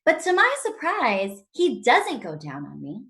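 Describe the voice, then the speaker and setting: A woman performing a raunchy stand-up set over a video call, telling stories in a brash, animated way. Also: fairly high pitch, unhurried, a little hiss or hum. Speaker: stand-up comedian.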